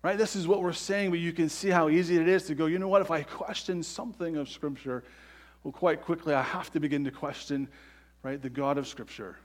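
A man's voice: on the high side, fairly even intonation, fairly quick. A man preaching a sermon earnestly, often checking in with the congregation by asking "right?". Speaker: pastor.

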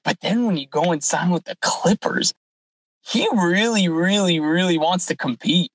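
A man with a fairly high voice chats on a sports podcast, retelling what happened with lively energy. He acts out every exchange as he goes. The sound is dry and close, with no room around it. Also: normal speed, no echo, rough recording. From California. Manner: animated storyteller, acts out dialogue. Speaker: podcast co-host. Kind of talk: casual sports podcast chat.

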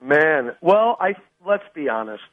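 A man appearing as a guest on a sports radio show, telling stories in an animated, mock-dramatic way with big swings in pitch. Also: measured pace, no room sound, narrow, tinny audio. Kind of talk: theatrical comic storytelling on sports radio.

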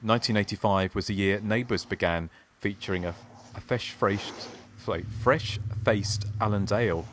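Low-voiced man reading listener mail. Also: normal speed, few pauses, a bit bright, a little hiss or hum. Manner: reads listener emails aloud with chuckles. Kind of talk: casual chat.

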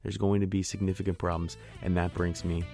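A man's voice: sits low, level tone, a little fast, gravelly, over loud music. A man from the northern United States hosting a political podcast, delivering an emphatic, indignant monologue with sarcastic asides. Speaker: podcast host.

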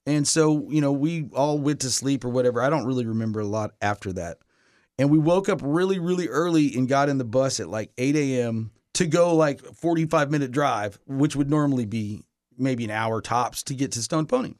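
A man's voice: mid-range voice, moderate pace, darkish tone, no room sound, studio quality. A middle-aged man, a touring musician, telling a long story in casual chat, rambling with lots of fillers and restarts.

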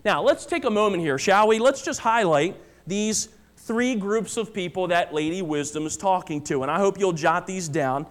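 In a church, a male pastor delivers a sermon in a high, ringing voice, pressing each point home with urgency. He repeats key phrases for emphasis and often addresses his listeners as family, speaking expressively at a normal speed.

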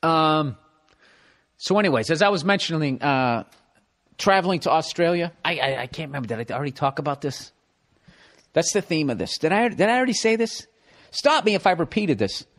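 A middle-aged man with a Boston accent, hosting a podcast with a profane, animated comedic ramble. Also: on the high side, brisk. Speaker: podcast host.

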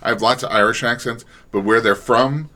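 A man who directs voice actors, talking reflectively in a relaxed panel discussion and often restarting his sentences. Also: mid-range voice, fairly quick. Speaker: audio drama director.

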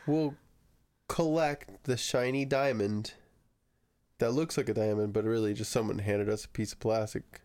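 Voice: mid-range voice, fairly even intonation, moderate pace, a little mellow. A podcast co-host in casual chat who tells stories and swears casually.

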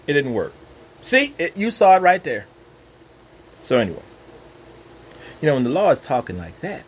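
Earnest man with a lively, swinging voice. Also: fairly high pitch, moderate pace, pauses often, a little hiss or hum, low-quality recording. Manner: earnest and emphatic, repeats phrases for weight. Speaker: Christian speaker. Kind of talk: personal devotional talk. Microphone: own microphone.

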